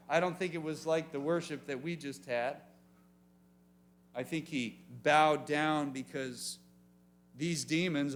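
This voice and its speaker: A man as youth pastor, preaching an animated sermon and asking the room questions. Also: on the high side. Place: church youth meeting room.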